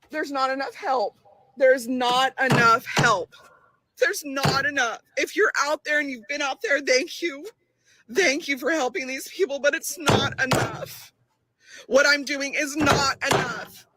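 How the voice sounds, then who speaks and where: Exasperated pleading woman, high voice. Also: takes it slowly. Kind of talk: emotional plea in a video clip. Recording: clip with clear background noise.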